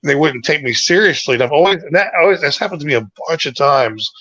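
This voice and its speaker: A man's voice: fairly high pitch, lively intonation, fast, pushed and bright, no echo. A man co-hosting a casual livestream chat, telling stories in a rambling, hesitant way. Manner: rambling, hesitant storytelling with restarts. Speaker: co-host. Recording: dry, dull lo-fi mic.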